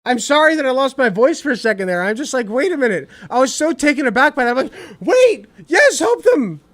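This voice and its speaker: A man streaming reaction commentary, ranting in an animated, exasperated way with lots of swearing. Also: very high voice, fast talker.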